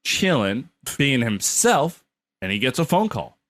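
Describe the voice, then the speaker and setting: A man's voice: mid-range voice, very animated, unhurried, fairly bright tone. A man co-hosting a comedy podcast, telling a history story in a blunt, mocking way with filler words. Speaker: podcast co-host.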